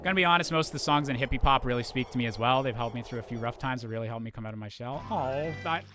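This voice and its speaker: Talking rapid-fire in a mid-range voice, a man chats casually with viewers while streaming a game. His speech is upbeat and rambling, with frequent fillers and restarts, and faint game music plays underneath.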